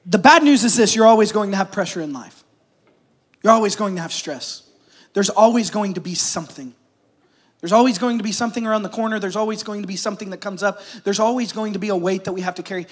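A man's voice: high-pitched, fast talker. A man, preaching a conversational sermon to his church and calling out to the crowd. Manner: conversational preaching with crowd call-outs and jokes. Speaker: pastor. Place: church service.

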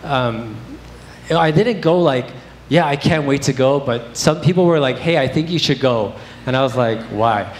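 A man's voice: mid-range voice, moderate pace. Young male preacher in an echoey church. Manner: candid, conversational storytelling with fillers. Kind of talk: sermon. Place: church sanctuary. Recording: echoey church hall with faint noise.

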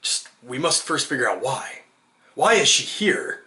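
A man doing a high pleading royal negotiator. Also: very animated, a little slow, bright, forceful tone. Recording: roomy echo.

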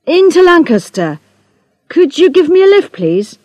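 A woman voicing a quiet stranger of about forty who speaks with formal, old-fashioned politeness. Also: on the high side, very animated, unhurried, breathy edge, no echo, faint music behind, heavily acted. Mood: polite. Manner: formal, overly polite phrasing.

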